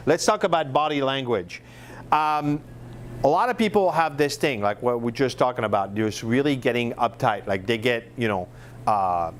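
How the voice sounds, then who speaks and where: A man's voice: medium pitch, slight background noise. A middle-aged man from France with a French accent, teaching a marketing workshop in a casual, chatty way with lots of fillers and restarts.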